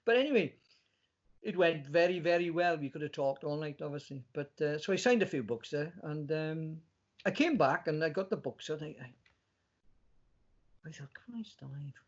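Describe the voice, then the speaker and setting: A man's voice: on the high side, lively intonation, normal speed. A man, co-hosting a poetry podcast, chatting in a colloquial, storytelling way. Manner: chatty, colloquial, slips into other voices. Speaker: poet and podcast co-host. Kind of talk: casual chat. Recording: dull lo-fi podcast audio.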